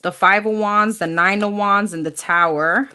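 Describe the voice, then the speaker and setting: A woman's voice: medium pitch, steady tone, moderate pace, sharp tone, clear, resonant tone. A woman doing a live tarot reading, talking bluntly and casually, swearing freely and calling her viewers honey. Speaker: tarot reader.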